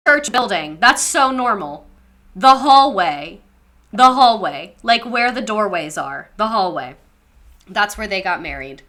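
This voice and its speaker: Snarky bright-voiced young woman streamer. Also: mid-range voice. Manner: sarcastic, swears freely, reads chat aloud. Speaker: live streamer reacting to chat. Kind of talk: casual live-stream commentary.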